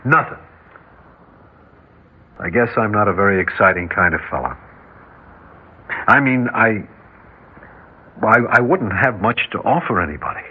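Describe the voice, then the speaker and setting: A modest middle-aged working man, earnest and a little halting. His voice is husky. It comes through a narrow, tinny old radio broadcast. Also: fairly low pitch, lively intonation. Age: 40s. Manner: hesitant, earnest. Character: plain, modest filling-station owner, gentle and humble. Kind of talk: 1940s radio acting.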